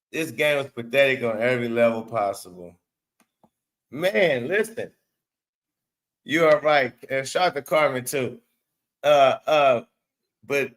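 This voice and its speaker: A man with a mid-range, somewhat bright voice hosts his own show, where he vents about basketball in casual, crude, exasperated tirades and keeps repeating words for effect. The audio quality is rough.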